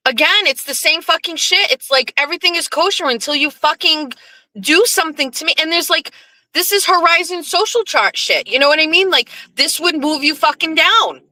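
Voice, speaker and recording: Woman, show host, bright tone, profane rant, jumps between low mutters and high outrage. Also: dry recording, poor audio. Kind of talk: casual monologue on a livestream show.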